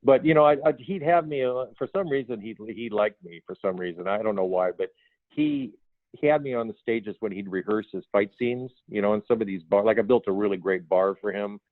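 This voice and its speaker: An older man, a veteran film designer, relays anecdotes in an animated way and slips into the voices of the people he quotes. His voice comes through a narrow, phone-like line. There is no room sound around it. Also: fairly low pitch, fairly quick, dry recording. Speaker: guest, film production designer. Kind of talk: storytelling interview. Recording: tinny phone line, dry.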